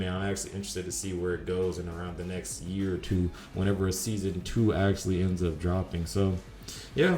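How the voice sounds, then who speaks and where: A man's voice: sits low, mellow, echoey room. A man casually reviewing an anime in a laid-back, slangy, rambling way with lots of fillers. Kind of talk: casual video commentary.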